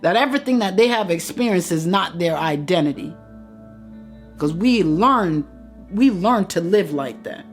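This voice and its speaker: A woman's voice: fairly low pitch, animated, unhurried, soft background music. Impassioned woman preaching to listeners. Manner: preachy, addresses listener directly, repeats phrases for emphasis. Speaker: motivational speaker. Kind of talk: impassioned motivational address to viewers.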